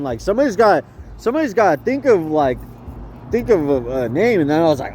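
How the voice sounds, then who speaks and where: A man's voice: on the high side, big pitch swings, a little fast, a little mellow, a little hiss or hum. A young man ranting outdoors in a rambling, profane way, often repeating himself and restarting his sentences. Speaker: vlogger. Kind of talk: rambling rant.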